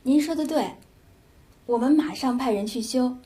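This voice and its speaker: A woman's voice: high-pitched, moderate pace, mellow, natural voice. A woman playing a polite female hotel manager in a scripted learner dialogue, courteous and apologetic.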